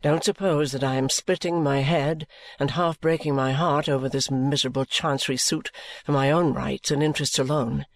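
A man's voice: mid-range voice, steady tone, normal speed, no room sound, close to an everyday voice. Guy reading a weary restless young man, earnest and pleading, dry close sound. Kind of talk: audiobook character reading.

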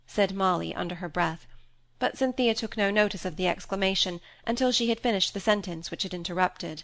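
A woman reading a novel aloud in a steady, measured narration. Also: mid-range voice, dry recording. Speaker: audiobook reader. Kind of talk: scripted narration.

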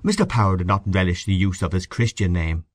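A man narrating literary fiction for an audiobook in a measured, expressive manner. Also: low-pitched, no echo.

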